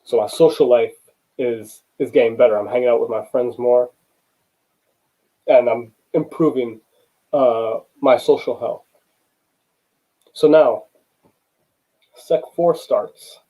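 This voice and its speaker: A man's voice: mid-range voice, takes it slowly, pauses often, mellow, rough recording. A young man giving a personal storytelling talk to students in a conversational way, often saying "you know" and acting out the dialogue. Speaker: student speaker.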